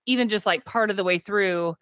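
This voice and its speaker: A woman co-hosting a podcast, animatedly retelling a film's plot in casual chat and slipping into quick voiced quotes of the characters. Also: mid-range voice, fairly bright tone, dry recording, clean studio sound. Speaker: podcast co-host. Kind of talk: casual movie recap chat.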